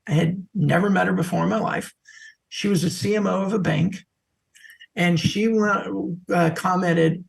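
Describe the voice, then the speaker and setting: A middle-aged man, a social selling expert, telling lively stories as a podcast guest. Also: sits high, unhurried, creaky. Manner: animated anecdotal storyteller. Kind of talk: podcast interview storytelling.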